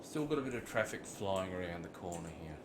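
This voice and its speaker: A man's voice: low voice, fairly quick, noisy background. A man with an Australian accent, chatting casually while streaming a city-building game and drifting into rambling stories full of slang. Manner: relaxed, rambling storyteller with slang. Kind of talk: casual live-stream commentary.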